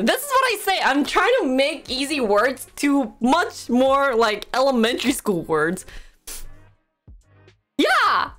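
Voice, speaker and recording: Chatty young woman streamer, lively pitch. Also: slow pace, soft background music. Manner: chatty, rambling, self-mocking. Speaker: live streamer. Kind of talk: casual live-stream chat.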